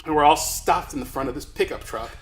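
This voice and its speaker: A man's voice: fairly high pitch, fast, roomy sound, rough recording. A man from Los Angeles telling a comic story to a live crowd, chatty and self-deprecating, rambling along. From Los Angeles, USA.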